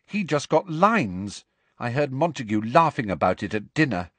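A man voicing a miserable younger teenage girl in an audiobook, speaking slowly. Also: mid-range voice, sing-song, a bit bright, no room sound, pitched above the performer's own voice.

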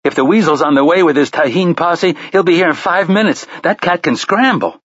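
Dude doing a young guy rushing everyone along, high pitched, muffled recording. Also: a bit bright, dry recording. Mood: urgent. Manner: urgent, hurried slangy talk. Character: urgent young man, barely out of his teens.

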